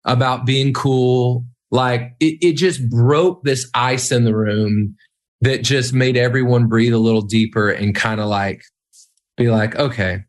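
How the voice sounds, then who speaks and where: A man who leads worship at church talks loosely and in a self-deprecating way. His speech is full of "like" and false starts, and his voice sits at an ordinary pitch. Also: measured pace. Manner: rambling, self-deprecating, many fillers and restarts. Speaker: worship leader. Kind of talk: casual podcast conversation.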